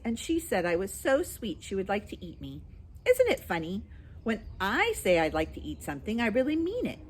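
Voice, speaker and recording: A woman voicing a baby girl twin in a storybook reading, with a soft voice full of laughter. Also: on the low side, a little hiss or hum.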